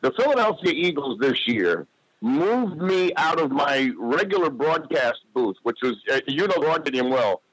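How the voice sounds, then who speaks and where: Announcer guy telling a story on a podcast, bright and kinda high, dry close sound. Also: normal speed, no room sound, poor audio. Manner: lively anecdotal storyteller. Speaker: guest, sports announcer. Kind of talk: casual interview storytelling.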